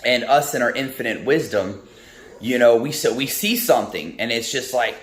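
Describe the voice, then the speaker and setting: A man's voice: mid-range voice, expressive, normal speed. Rambling man retelling a Bible story. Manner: rambling, full of ums and restarts. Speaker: speaker of a devotional talk. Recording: roomy echo, faint music.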